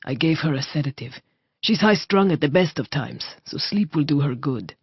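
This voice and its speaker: A woman voicing a calm, firm male wolf-shifter healer, speaking quietly and steadily on a slightly muffled recording. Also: low voice, moderate pace, husky, dry recording, heavily acted.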